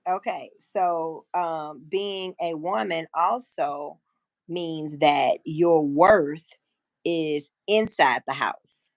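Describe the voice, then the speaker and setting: A blunt, salty woman in her 50s chats casually on her stream, drawing out her words as she recounts something that happened to her and performs the quotes from each side. Her voice is low and gravelly, captured in a dry, close recording with no space around it.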